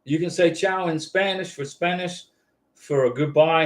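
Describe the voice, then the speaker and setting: High-voiced man hosting a visa live chat. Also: normal speed. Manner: casual, reassuring, repeats "okay?". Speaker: visa advice host. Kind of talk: live-stream Q&A reading chat. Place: home YouTube studio with lights.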